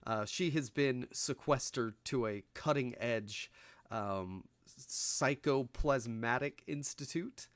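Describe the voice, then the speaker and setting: A man's voice: medium pitch, takes it slowly, dry recording. A man co-hosting a podcast, talking loosely through a film discussion with plenty of fillers and restarts and frequent laughter. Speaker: podcast co-host.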